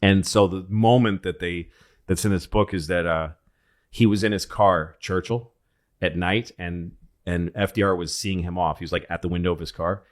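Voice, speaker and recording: A man's voice: sits low, steady tone, moderate pace. A man co-hosting a podcast, casually telling rambling comic stories and swearing a lot. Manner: rambling storyteller, acts out quoted voices, swears. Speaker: podcast co-host. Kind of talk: casual comedic chat.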